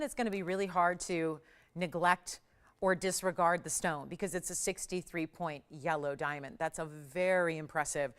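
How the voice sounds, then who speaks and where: A woman presenting jewelry on a live shopping channel, her voice smooth and resonant. She talks in an upbeat, enthusiastic sales patter full of quick asides, recorded on a studio mic. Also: on the low side. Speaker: jewelry shopping show host.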